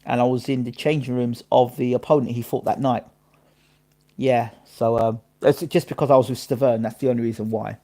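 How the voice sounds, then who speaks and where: A man hosting a casual live boxing stream, chatting his opinions and shouting out viewers by name and place. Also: medium pitch, steady tone, fairly quick.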